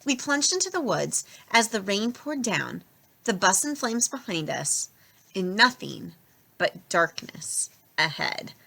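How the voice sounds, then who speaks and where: A young adult woman reading a novel aloud with expressive, lively narration. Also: medium pitch, slow, vocal fry. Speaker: storybook reader.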